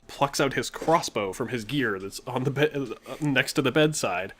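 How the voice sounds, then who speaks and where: Young guy rambling thru a crazy d&d story, mid pitch, keeps laughing and doing the dialogue. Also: unhurried. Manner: animated, laughs often, quotes people in dialogue. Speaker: podcast co-host telling a story. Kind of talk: casual storytelling.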